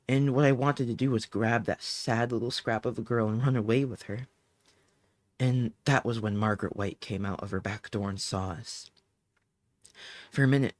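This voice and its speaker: A man reading an audiobook aloud in an emotive, dramatic way, slowing down on the key phrases. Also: mid-range voice, no room sound. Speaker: audiobook narrator.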